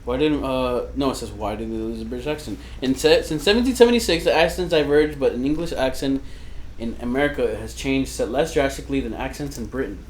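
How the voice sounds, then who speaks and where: A man's voice: mid-range voice, quick pace, a little mellow, a little hiss or hum. A young man from Florida with a Miami accent, co-hosting a casual podcast chat and rambling through what he reads aloud. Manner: rambling, reads aloud and slips into mock voices. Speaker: podcast co-host.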